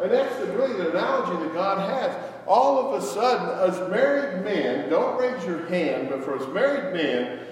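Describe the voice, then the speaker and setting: A middle-aged man preaching a sermon to his congregation, telling folksy stories and joking with the people in the pews. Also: high-pitched. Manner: folksy storytelling, jokes with congregation. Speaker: pastor. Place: church sanctuary. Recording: echoey hall, from far off.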